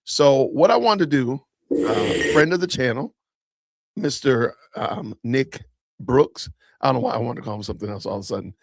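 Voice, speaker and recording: A male podcast host in casual commentary, upbeat and chatty, giving shout-outs to his audience. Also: mid-range voice, animated, normal speed, gravelly, no room sound, clean studio sound.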